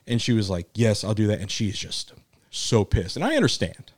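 A man's voice: on the low side, very animated, a little fast, no echo, studio quality. A man co-hosting a podcast, telling a rambling story with frequent laughs and casual swearing. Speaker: podcast co-host. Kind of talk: casual chat.

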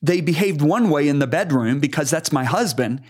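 An older man, a preacher, earnestly telling a story in conversation, animated and emphatic. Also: fairly high pitch, moderate pace. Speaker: guest preacher.

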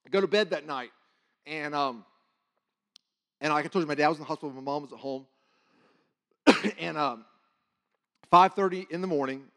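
A man preaching, telling a personal testimony in an animated, excited storytelling way. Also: mid-range voice. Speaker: guest preacher.

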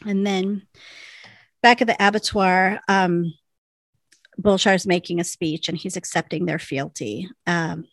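A woman with a gravelly, fry-laden voice chats through a TV recap for a podcast. She keeps it loose, laughing often and filling her sentences with "like." The recording is dry and close, with no room sound. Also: lowish voice, fairly even intonation, a little slow, no room sound. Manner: chatty, laughs often, peppers speech with "like". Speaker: podcast co-host recapping a TV episode. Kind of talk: casual chat.

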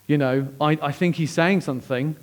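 A man, a pastor preaching a sermon as lively, conversational personal storytelling. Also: a little high, normal speed.

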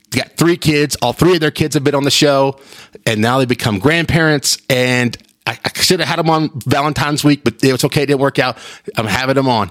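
A man hosting his own podcast, rambling in casual chat with frequent restarts. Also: mid-range voice. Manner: rambling, animated, with repeated restarts. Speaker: podcast host.

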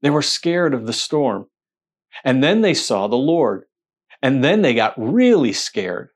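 Brief: male preacher, mid-pitched voice, lively sermon delivery full of rhetorical questions. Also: measured pace. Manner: animated storytelling with rhetorical questions and quoted voices.

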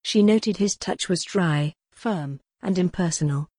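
A woman reading a gothic novel aloud as the audiobook narrator, in a measured, dramatic storytelling manner. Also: on the low side, mellow, husky, no echo, clean studio sound. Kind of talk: scripted narration.

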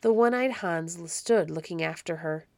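A woman narrating a classic children's novel in a measured, even storytelling voice on a close mic. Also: lowish voice, no room sound. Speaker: audiobook narrator.

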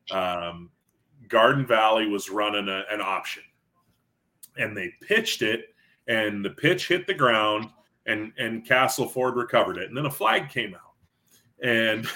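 Podcast co-host, male, bright forceful voice, animated sports storyteller. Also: mid-range voice. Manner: animated storyteller who acts out quotes. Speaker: podcast co-host covering high school football. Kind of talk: casual sports podcast chat.

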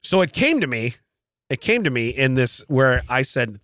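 A man co-hosting a casual podcast chat, telling a story in an animated way with frequent laughs, recorded in a podcast studio. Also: medium pitch, moderate pace, no room sound. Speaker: podcast co-host.

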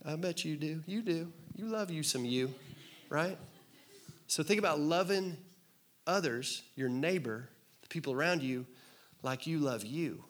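Guy pastor preaching to his church, kinda high voice, chatty and jokey, keeps getting the crowd to answer him. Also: expressive, unhurried, pauses often. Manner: conversational, joking, asks the crowd to respond. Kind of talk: sermon. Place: church hall with congregation.

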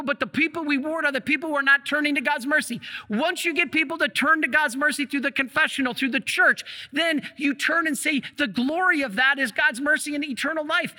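A male priest giving a sermon, telling stories with animated, humorous energy. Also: very high voice, in a large hall. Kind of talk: sermon, storytelling.

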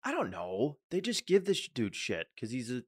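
A man's voice: medium pitch, wildly swooping pitch, normal speed, slightly rough, no echo. A man co-hosting a casual podcast, joking around and slipping into mock voices for the people he talks about. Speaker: podcast co-host. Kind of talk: casual chat.

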